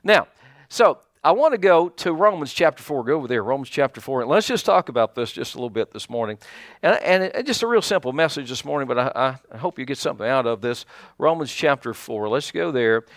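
A man preaching a sermon as pastor, in a folksy, animated way with many fillers and restarts. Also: mid-range voice, brisk, no room sound, clean studio sound.

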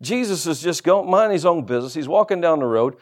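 A man's voice: fairly high pitch, animated, fast. A middle-aged man preaching a sermon as pastor, with humorous asides and rhetorical questions.

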